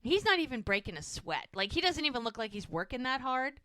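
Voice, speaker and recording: A woman's voice: sits high, big pitch swings, brisk, bright, forceful tone, no room sound. A woman podcast co-host chattily recapping a TV episode, full of "like" and "he's like". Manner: chatty storytelling, frequent "like" and "he's like".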